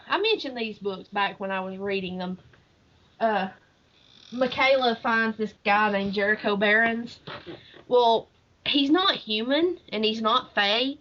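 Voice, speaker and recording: This book podcast co-host speaks slowly with long pauses, her fairly high, slightly bright voice carrying lively intonation as she animatedly recounts a story and laughs often. It's casual chat, recorded in dull lo-fi sound.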